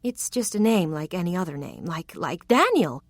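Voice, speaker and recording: A woman voicing a young gentleman who speaks cautiously and properly, a little flustered. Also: on the low side, sing-song, normal speed, dry recording, studio quality.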